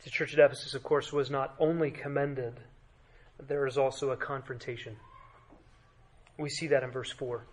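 A man preaching a sermon as pastor, emphatic, with dramatic drops to a quiet voice and rhetorical questions to the congregation. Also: mid-range voice, fairly even intonation, moderate pace, long pauses, a little hiss or hum.

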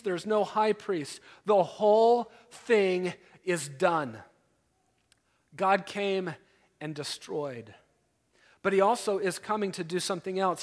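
A man preaching a sermon as pastor, emphatic and animated, building intensity as he teaches. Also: high-pitched. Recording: long hall reverb.

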